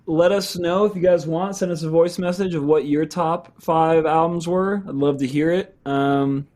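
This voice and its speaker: A man's voice: on the high side, fairly even intonation, normal speed, darkish tone. A young man hosting a music podcast in casual chat, laid-back and swearing freely. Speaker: podcast host.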